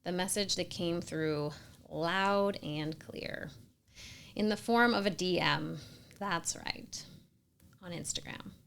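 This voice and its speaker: A woman in her thirties telling her own story in scripted narration, earnest and emphatic, sometimes dropping to a soft whisper. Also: lowish voice, takes it slowly, vocal fry. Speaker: storyteller sharing a personal experience.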